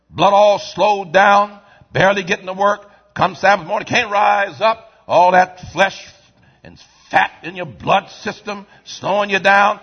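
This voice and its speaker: A man preaching a sermon in a church, swinging from quiet asides to shouted lines in a call-and-response style. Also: high voice, breathy edge, highs cut off. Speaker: pastor. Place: church sanctuary.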